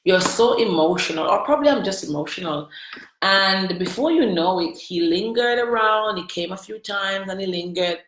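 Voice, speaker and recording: A woman's voice: medium pitch, animated, moderate pace, fairly bright tone, a little hiss or hum. A woman telling her personal story to viewers, candid, emotional and confiding. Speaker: vlogger. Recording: roomy echo.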